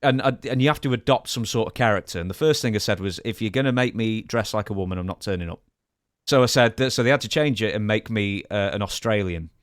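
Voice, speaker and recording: A man's voice: lowish voice, fast, no room sound, studio quality. A man from England with an English accent, co-hosting a casual chat and reading listener questions in a self-deprecating way. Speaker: podcast co-host.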